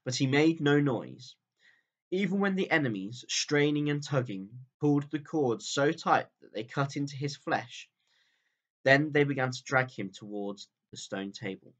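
With a measured pace, a man who teaches reads a children's book chapter in a calm, even storytelling voice that sinks low as sentences end. The audio is dull.

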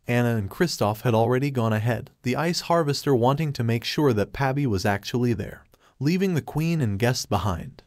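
Male narrator for a fan fiction reading, steady and even, mid-pitched, dry close sound. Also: no echo.

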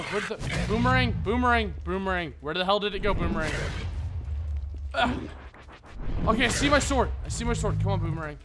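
A man's voice: sits high, brisk, background noise. A young man casually commenting on his video game, cursing and trash-talking the enemies. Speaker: gaming video host. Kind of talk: casual let's play commentary.

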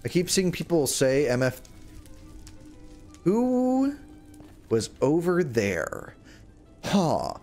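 A man's voice: mid-range voice, expressive, slow pace, darkish tone, soft background music. A man chatting casually to his viewers on a live gaming stream, rambling and joking as he plays. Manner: rambling, jokey, talking to chat while playing.

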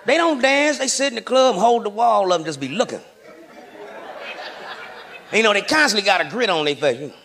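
A man doing profane, animated stand-up comedy, shouting punchlines and acting out arguments. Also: high-pitched, moderate pace, pauses often, some chatter behind. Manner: profane, loud, animated, acts out characters.

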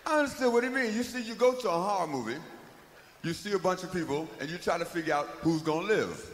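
Lively, profane comic storyteller, man. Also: high-pitched, fast. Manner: loose, profane, rhythmic storytelling. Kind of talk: live spoken-word comedy monologue. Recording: live hall recording, faint noise.

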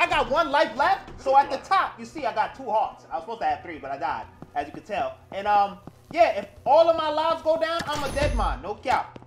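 A young gaming host talks in a high voice that swings up and down. He fires off slangy hype lines and repeats them in quick bursts. Music plays clearly behind him. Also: very animated. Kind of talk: hyped gameplay commentary.

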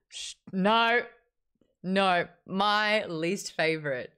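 A woman's voice: on the low side, lively intonation, measured pace, a bit bright. A woman hosting a casual online book chat, reviewing a novel candidly and reading out viewer comments, with wry remarks and frequent laughs.

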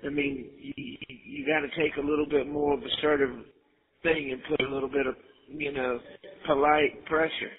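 A middle-aged man talks on a recorded jail phone call, insistent and coaxing like a father giving advice. His voice is somewhat high and husky. The call sounds thin and tinny, like a phone line. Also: steady tone, normal speed.

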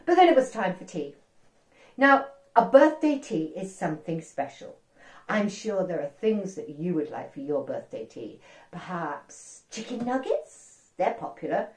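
A woman telling a story to young children, animated and asking them questions as she goes, in a roomy echo. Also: on the low side, a little slow.

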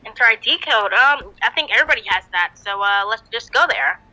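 A woman's voice: fairly high pitch, animated, a little fast, bright, forceful tone, low-quality recording. A woman voicing an easygoing young male hedgehog hero, casual and hesitant with lots of fillers, fan voice acting of a game.

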